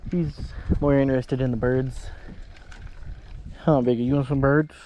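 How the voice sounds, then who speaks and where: A man with an ordinary mid-range voice talks in a relaxed, chatty way, often turning to his dog with affection. He is recorded outdoors on a small boat on a lake. Clear sounds of water and the boat run behind him. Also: mid-range voice, measured pace, dull audio, a little hiss or hum. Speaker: vlogger. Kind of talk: casual outdoor vlog chat.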